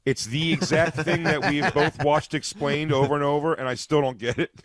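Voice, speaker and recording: A man telling rambling anecdotes in casual radio chat, halting and restarting. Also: fairly high pitch, steady tone.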